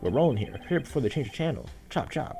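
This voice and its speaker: A man's voice: medium pitch, big pitch swings, very fast, creaky, dark tone, soft background music, pitched above the performer's own voice. A man voicing a brash, pushy TV producer in a video game dub, talking in slang like a salesman.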